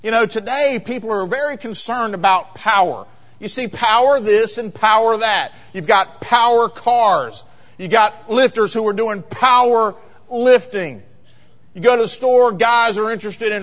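A man preaching a sermon as pastor, emphatic and rising to loud peaks in a church sanctuary. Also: very high-pitched, animated, unhurried. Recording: long reverb of a large hall.

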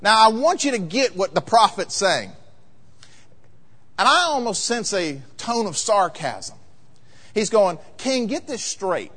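Male pastor, sermon; high, very lively delivery, echoing hall. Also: a little slow, pauses often, breathy edge. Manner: animated preaching, acts out voices, rises to loud emphatic peaks. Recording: long hall reverb.

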